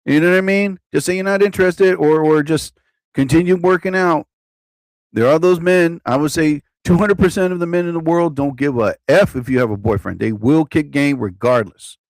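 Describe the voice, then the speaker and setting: A man's voice: a little high, moderate pace, no echo. A man hosting a live stream, ranting in a rambling, profane way and often repeating himself. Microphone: own desk mic.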